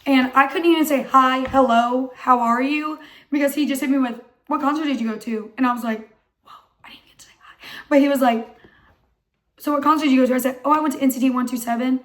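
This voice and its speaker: A young woman with a hoarse, not fully recovered voice, excitedly telling a casual vlog story and filling her talk with "like". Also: sits high, fast. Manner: excited, chatty, heavy use of "like". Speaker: vlogger.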